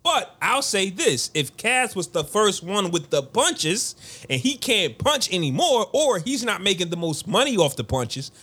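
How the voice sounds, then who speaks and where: A man with a fairly high voice talks through an argument on a casual podcast. He repeats phrases as he works toward his point. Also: big pitch swings, measured pace, sharp tone, husky. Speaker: podcast co-host. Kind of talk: casual chat.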